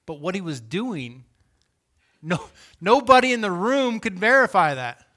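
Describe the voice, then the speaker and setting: A male pastor delivering a sermon in an animated, conversational preaching manner. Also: high voice, unhurried.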